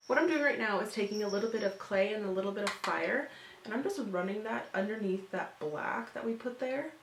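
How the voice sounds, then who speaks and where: A woman's voice: fairly high pitch, vocal fry, roomy sound, slight background noise. A woman in her twenties, a beauty vlogger, chatting casually through a makeup tutorial with lots of fillers. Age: 20s. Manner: chatty, filler-heavy, upbeat.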